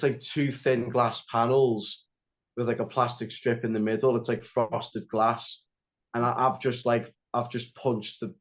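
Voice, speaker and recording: A young man telling a story as a podcast guest, rambling with lots of "like" and restarts. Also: mid-range voice. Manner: rambling, heavy use of "like" and restarts. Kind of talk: casual storytelling interview. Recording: slightly dull lo-fi audio.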